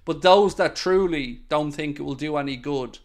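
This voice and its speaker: A man's voice: fairly high pitch, moderate pace. A man hosting a casual live-stream podcast, answering viewer comments bluntly and swearing when worked up.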